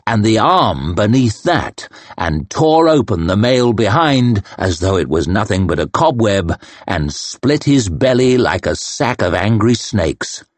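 A male narrator reads fantasy prose at an unhurried, deliberate pace. His voice sits in an ordinary middle register and is recorded close and dry, with no room sound around it. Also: mid-range voice, no echo. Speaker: audiobook narrator. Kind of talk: scripted narration.

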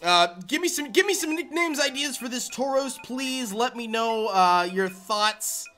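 A man streaming a video game live, chatting loosely with viewers and breaking into high, excited squeals and laughter. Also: a little slow, soft background music. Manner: rambling chat to viewers with fillers. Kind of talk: live-stream shiny-hunt reaction.

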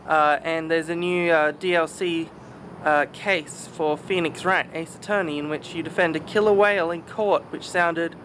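A man's voice: sits high, fairly bright tone, slight background noise. A young man with a mild Australian accent, chatting casually and self-deprecatingly in a vlog, with plenty of fillers and trailing asides. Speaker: vlogger.

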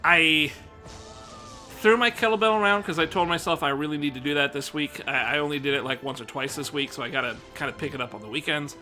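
A young American man talks to his stream in a loose, rambling way, swearing casually and sounding a bit winded. His voice sits somewhat high for a man and rings very bright and forceful. Faint music plays behind him. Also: fast talker. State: slightly out of breath. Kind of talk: casual rambling chat to viewers.

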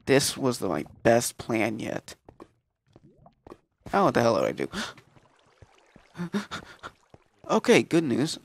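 A man's voice: medium pitch, wildly swooping pitch, takes it slowly, vocal fry, pauses often. A man giving rambling, goofy gameplay commentary, swearing often as he plays. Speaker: let's player.

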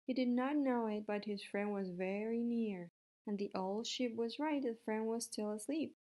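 A woman reading a children's book aloud in a steady way, with the odd small slip. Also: on the high side, normal speed. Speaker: reader.

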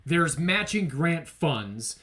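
Podcast co-host guy ranting, kinda high voice, pitch all over the place. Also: slow. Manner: animated, ranting, emphatic. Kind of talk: casual political chat.

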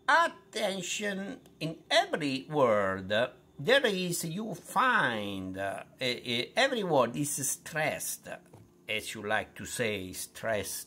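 A middle-aged man with an Italian accent, a language tutor who teaches pronunciation in a slow, unhurried way full of fillers and restarts. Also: medium pitch, fairly bright tone.

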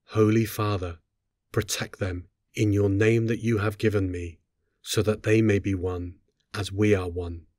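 A man reading scripture aloud in a solemn, measured, unhurried way. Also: lowish voice, fairly even intonation, a little mellow, dry recording, clean studio sound. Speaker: scripture reader.

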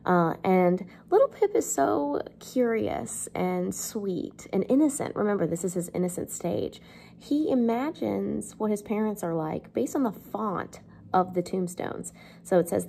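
A woman's voice: medium pitch, expressive, a little slow, gravelly, dark tone, slight background noise. A woman English teacher giving a casual, chatty literature lesson, filled with fillers and the odd joke. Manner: chatty, lots of fillers, jokes.

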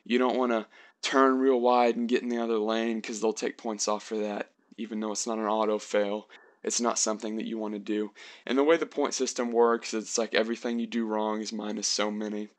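A man's voice: on the low side, little pitch movement, fairly quick. A young man giving earnest, chatty advice in a casual vlog, often restarting his sentences.

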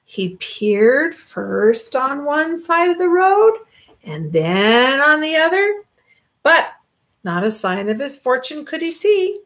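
An older woman reading a children's storybook aloud in an animated, expressive way. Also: high-pitched, slow.

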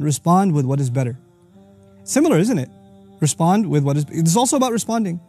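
A man teaching on scripture in an energetic explanatory talk, reciting verses quickly and then explaining them. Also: fairly high pitch, breathy edge, soft background music. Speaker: Quran teacher.

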